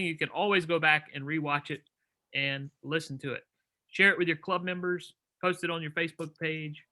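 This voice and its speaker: Bright high-voiced man hosting a video meeting. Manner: upbeat, with frequent "uh" fillers. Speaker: meeting host. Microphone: video call.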